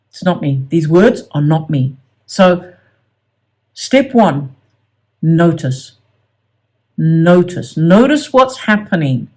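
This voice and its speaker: A middle-aged man teaching a self-help method in an earnest, casual way, often repeating words and restarting sentences. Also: fairly high pitch.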